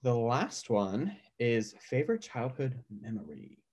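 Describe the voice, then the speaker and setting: A man's voice: medium pitch, sing-song, a little slow, a little mellow, slightly rough. A young man co-hosting a podcast in casual chat, easygoing, laughing along and leaning on fillers. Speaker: podcast co-host.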